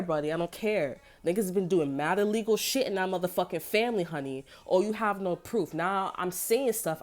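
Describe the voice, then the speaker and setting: A woman tarot reader ranting to camera in a casual, heated and profane way, rambling from one point to the next. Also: mid-range voice. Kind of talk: casual unscripted rant to camera.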